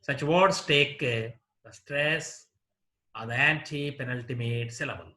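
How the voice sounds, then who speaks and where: A man with an Indian English accent teaching a slow, deliberate lesson, repeating word lists one item at a time. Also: mid-range voice, bright, forceful tone. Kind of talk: classroom lecture.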